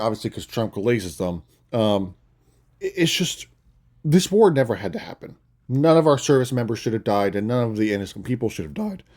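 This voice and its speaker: A man's voice: mid-range voice, a little mellow. A young man ranting casually and bluntly into his phone, swearing often and making mocking asides. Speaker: commentator. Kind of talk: casual political rant.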